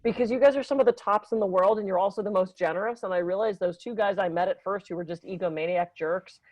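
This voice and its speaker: A woman's voice: mid-range voice, darkish tone, no echo, dull audio. Effusive woman podcast host, dry close sound. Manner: effusive and emotional, quick to praise. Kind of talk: casual interview chat.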